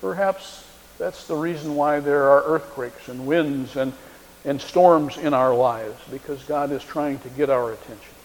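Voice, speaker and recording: Retelling a story from the pulpit, a pastor acts out each quoted line in a different voice. His own voice is fairly high and a little slow, and the long reverb of a large hall surrounds it.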